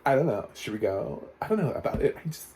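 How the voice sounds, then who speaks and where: A man doing a dithering, fretful lady friend in a high, whiny falsetto-ish voice. The mockery is hesitant and a little loud, against a mellow timbre. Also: sing-song, fast, slight background noise, lightly acted. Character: fretful, dithering middle-aged woman friend.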